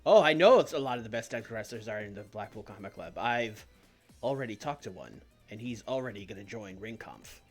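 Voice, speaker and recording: A man doing a smug calm wrestler. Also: lowish voice, soft background music. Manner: measured, hesitant, with fillers. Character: calm, smug male wrestler who leads his own group.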